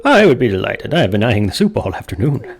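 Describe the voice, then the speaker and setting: A man voicing a stately older governor from a farming game, speaking in a pompous, gracious and measured way. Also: fairly low pitch, sing-song, creaky, slight background noise.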